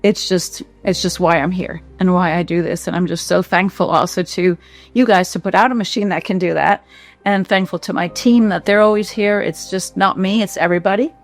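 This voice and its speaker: A woman who founded a clinic, giving a heartfelt, emotional testimonial with halting fillers and repeats. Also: lowish voice, fairly even intonation, soft background music.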